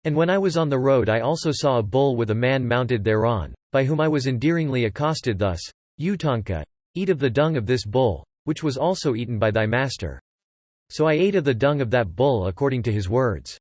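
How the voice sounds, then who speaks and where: A man's voice: mid-range voice, lively intonation, a little fast, darkish tone, no room sound, lightly acted. A man reading the part of a devoted young disciple who urges vengeance on a serpent, in earnest, formal archaic speech.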